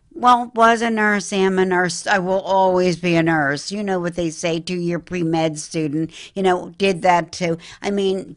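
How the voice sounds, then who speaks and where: A middle-aged woman from the Philadelphia area, a psychic medium telling earnest stories in an interview. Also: lowish voice. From Philadelphia, Pennsylvania area. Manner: earnest, storytelling, addresses listener as honey. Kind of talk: interview talk.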